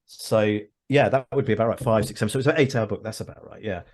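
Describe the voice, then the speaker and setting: A man's voice: fairly low pitch, quick pace. Male guest, casual video-call chat, rambling and wry, self-interrupting. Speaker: guest, actor and audiobook narrator. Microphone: headphones on a video call.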